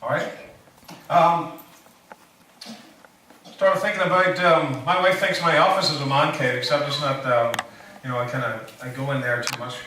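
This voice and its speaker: A man's voice: medium pitch, steady tone, normal speed, long pauses, sharp tone, a little hiss or hum. A man giving a casual sermon, rambling with joking asides and many fillers. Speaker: preacher. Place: church hall. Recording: echoey room, voice from a distance.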